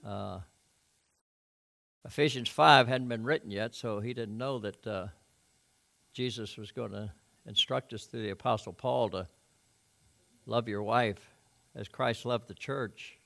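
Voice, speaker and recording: A preacher delivering a sermon, reading scripture and making conversational, folksy asides to the congregation. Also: male voice, on the low side, measured pace, vocal fry, pauses often, fairly bright tone.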